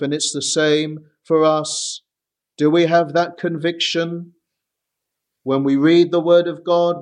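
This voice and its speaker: A man preaching a sermon, reading scripture aloud slowly and stressing his points. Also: on the high side. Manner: slow and emphatic, reading scripture aloud deliberately.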